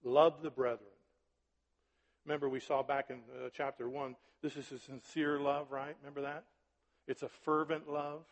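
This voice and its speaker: A pastor preaches in a conversational style, often checking in with "right?" and "are you with me?" His medium-pitched voice moves little and keeps a moderate pace, and the dull recording carries a long hall reverb.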